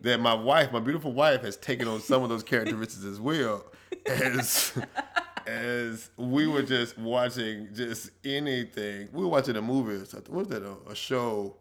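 Roześmiany mężczyzna, jasny głos. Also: male voice, mid-range voice, moderate pace. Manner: animated storyteller, laughs often. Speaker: podcast co-host. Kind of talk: casual chat.

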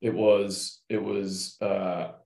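Young Australian guy, deep and monotone, relaxed storyteller with a salty mouth; echoey room. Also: drawn-out words, gravelly. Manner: laid-back, swears freely, tells stories. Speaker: professional basketball player, guest. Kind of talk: casual interview chat. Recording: roomy echo.

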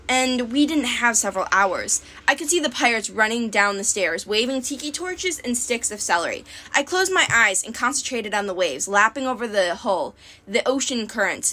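Lively, bright woman reading a story. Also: on the high side. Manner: expressive. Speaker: audiobook reader. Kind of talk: audiobook narration.

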